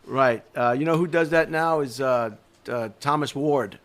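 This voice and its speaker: A man's voice: medium pitch, measured pace. Man prompting guests in casual chat. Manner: prompting questions, trailing off with fillers.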